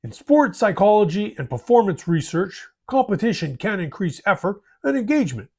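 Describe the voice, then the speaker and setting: A man's voice: high voice, sing-song, moderate pace, a little mellow, slightly rough. A man hosting a hobby advice talk in a folksy way, tagging his sentences with friendly asides. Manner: folksy, tags sentences with "eh" and "bud". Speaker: host.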